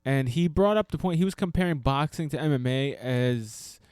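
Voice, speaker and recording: On a casual fight podcast, a male co-host tells animated stories and acts out the people he quotes. His mid-range voice is smooth at a moderate pace, captured in studio quality with no echo.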